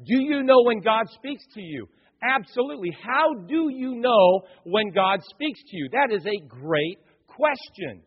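Animated preaching pastor, high lively voice. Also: male voice, unhurried, breathy edge. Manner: animated preaching, rhetorical questions, swings between loud and hushed. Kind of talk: sermon. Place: church sanctuary. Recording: muffled, echoey church hall.

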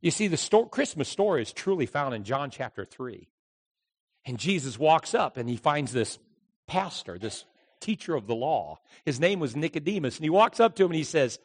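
A male pastor preaching a Christmas sermon, swinging between loud excitement and hushed, quiet moments. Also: fairly high pitch, a little fast. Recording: long hall reverb.

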